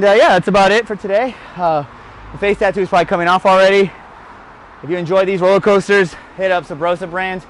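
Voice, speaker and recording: A man with a high-pitched voice hosts a casual spoken BMX tutorial outdoors beside a street rail, speaking into a lapel mic with a little hiss or hum. He's out of breath, chatty, and self-mocking.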